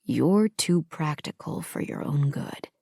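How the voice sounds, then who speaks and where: Woman voicing a low-voiced male sheriff, gentle, hushed, tender, audiobook romance. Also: expressive, slow, gravelly, husky, no room sound, clean studio sound, full character voice. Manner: low, soft and tender, often whispered.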